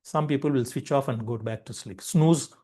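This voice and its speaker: A man's voice: medium pitch, normal speed, warm tone. A man giving a spiritual lecture, explaining each point through repeated everyday examples. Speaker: spiritual teacher.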